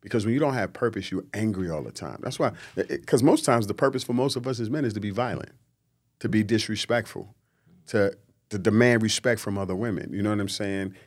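A man, a guest on a podcast, talking in a lively, preachy way and mimicking people he quotes. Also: fairly low pitch, brisk. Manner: animated, preachy, acts out quotes in mocking voices. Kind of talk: casual podcast conversation.

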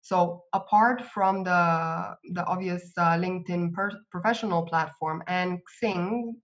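Woman recruiter, lowish voice, steady explanatory delivery; dull lo-fi recording. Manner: measured, explanatory. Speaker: recruiter guest. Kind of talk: interview answers. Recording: slightly dull lo-fi audio.

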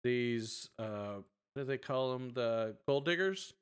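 A man co-hosting a podcast in casual chat, retelling stories with lively acted-out voices. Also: mid-range voice, takes it slowly, clear, resonant tone. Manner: animated storyteller acting out voices. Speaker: podcast co-host.

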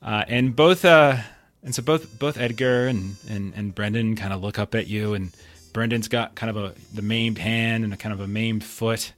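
A man's voice: lowish voice, steady tone, normal speed, a bit bright. A man narrating a tabletop game as game master, in a loose, rambling way with many fillers.

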